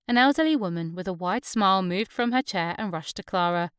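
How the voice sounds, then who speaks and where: Smooth-voiced woman narrating a novel. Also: medium pitch, brisk, few pauses, no echo, studio quality. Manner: gentle storytelling, giving characters light voices. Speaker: audiobook narrator. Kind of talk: scripted narration.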